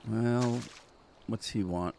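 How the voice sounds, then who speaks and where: A man with a somewhat low voice giving laid-back gameplay commentary. He tosses off jokes and squeamish complaints as he plays. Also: slow pace, creaky, darkish tone, a little hiss or hum. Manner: joking, squeamish asides. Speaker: gameplay channel host.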